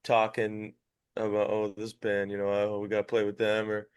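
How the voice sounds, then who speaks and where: A young man talking casually about playing in bands, hesitant and full of fillers. His voice sits low and sounds dry and close. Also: monotone, moderate pace, clear, resonant tone, dry recording. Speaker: musician guest. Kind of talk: casual chat.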